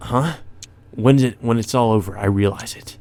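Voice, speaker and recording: A man's voice: medium pitch, unhurried, vocal fry, warm tone. A man hosting a let's play, reading a visual novel aloud and breaking off for hesitant asides full of ums and restarts.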